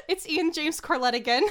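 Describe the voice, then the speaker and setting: A woman's voice: high voice, expressive, measured pace, a bit bright. A woman co-hosting a casual podcast chat, making chatty asides and giggling often. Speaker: podcast co-host.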